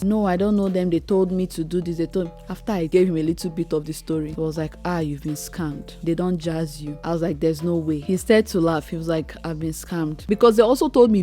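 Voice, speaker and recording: Nigerian woman telling a story, low mellow voice. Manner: animated storytelling, acting out quoted voices. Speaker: vlogger. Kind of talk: storytime chat to camera.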